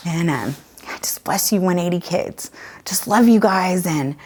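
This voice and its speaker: A woman's voice: lowish voice, a little slow, darkish tone, slightly rough. A woman leading a children's church lesson, telling a Bible story in a chatty, casual way with many fillers. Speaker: children's ministry leader.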